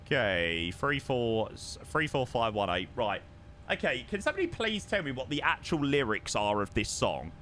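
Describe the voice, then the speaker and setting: A young man chatting casually on a live stream while flying a sim, excitable and self-mocking. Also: mid-range voice, normal speed, a little hiss or hum.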